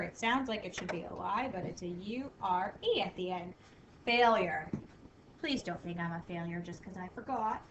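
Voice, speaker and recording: Woman, teacher, spelling lesson for kids, upbeat, slow sounding-out, echoey room, faint hiss. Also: on the low side, distant mic, dull audio. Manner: upbeat, sounds words out slowly.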